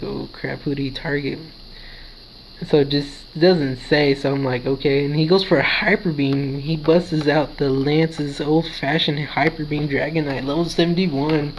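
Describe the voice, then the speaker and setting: A gaming video creator narrates his own match in a casual, chatty way, sounding sleepy and yawning as he retells how he reacted. His voice sits at a medium pitch. The handheld console recording is low quality, with slight background noise.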